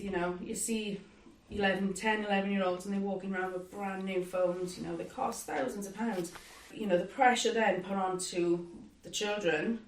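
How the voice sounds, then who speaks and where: A woman in her forties from the UK, chatting earnestly in a casual podcast panel discussion. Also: medium pitch. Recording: roomy, distant mic.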